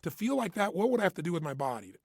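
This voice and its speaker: A man's voice: high-pitched, big pitch swings, rapid-fire, creaky, no echo, studio quality. A man giving an intense, emphatic motivational talk, hammering points with punchy repetition. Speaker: motivational speaker. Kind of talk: motivational self-help talk.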